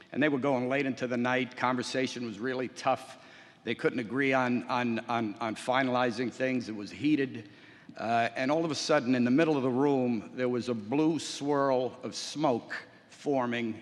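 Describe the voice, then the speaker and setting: Middle aged guy giving a convention speech, ums and uhs, dry jokes, big echoey hall. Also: mid-range voice. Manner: steady storytelling with dry humor, frequent hesitations. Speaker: convention speaker, port employers' association representative. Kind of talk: prepared convention speech with an anecdote. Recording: long reverb of a big hall.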